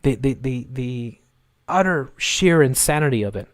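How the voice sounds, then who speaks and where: A man's voice: mid-range voice, animated, measured pace, no echo, clean studio sound. A man hosting a live stream, ranting in angry, sarcastic, repetitive bursts of commentary. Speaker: livestream host.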